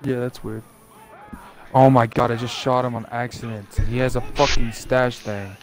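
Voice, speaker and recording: A man's voice: mid-range voice, fairly even intonation, normal speed. A man streaming a video game with a friend, chatting casually on a headset, swearing and complaining about how his friend's voice sounds. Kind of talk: casual gaming chat.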